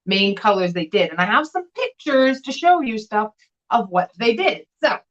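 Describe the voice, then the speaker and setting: Woman live seller, chatty and animated, slightly dull stream audio. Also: medium pitch, normal speed. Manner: chatty, animated, showing items to camera. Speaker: vintage glass seller and co-host. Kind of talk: casual live-stream chat.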